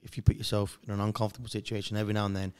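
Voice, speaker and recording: A man co-hosting a casual podcast chat, earnest and quick to laugh as he gives life advice. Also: fairly low pitch, little pitch movement, clear, resonant tone. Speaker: podcast co-host.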